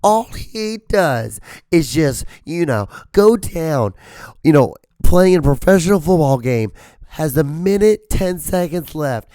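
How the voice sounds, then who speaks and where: A man's voice: fairly high pitch, lively intonation, a little slow, mellow, dry recording, studio quality, pitched above the performer's own voice. A man mocking a griping know-nothing sports fan. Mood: whiny griping. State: hoarse.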